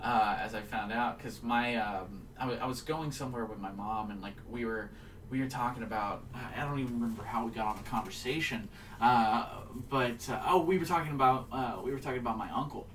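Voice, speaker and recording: A man's voice: medium pitch, a bit bright, far from the mic, slight background noise, low-quality recording. Rambling young man, slightly off mic. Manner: rambling, halting storyteller with many fillers. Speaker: podcast guest. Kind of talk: casual chat.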